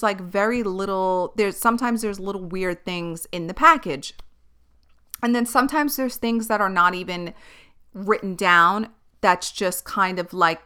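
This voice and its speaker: A woman's voice: mid-range voice, bright, forceful tone, clean tone. A woman hosting her own podcast, chatting candidly and animatedly on her own and swearing freely. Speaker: podcast host. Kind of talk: casual solo podcast chat.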